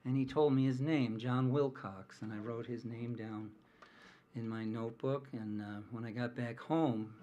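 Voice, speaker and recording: A man from the American Midwest, a folk singer, telling a rambling, easygoing story on a small coffee house stage, with many filler pauses, over guitar. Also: medium pitch, fairly even intonation, mellow, dull audio, a little hiss or hum. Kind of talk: onstage storytelling between songs. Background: guitar playing under the talk.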